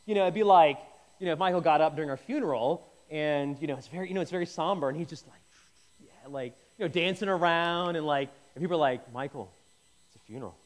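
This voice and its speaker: A man's voice: fairly high pitch, fast talker. A man leading an informal Bible teaching, conversational and jokey, often stopping and restarting mid-sentence. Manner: conversational, self-interrupting, jokey asides. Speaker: pastor.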